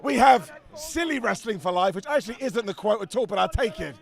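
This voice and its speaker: A man reviewing wrestling outdoors, bantering loudly with fans around him. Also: sits high, expressive, brisk, creaky. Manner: loud, joking, bantering with fans. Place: outside an arena among a crowd. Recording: loud crowd around him. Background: crowd chatter and street noise.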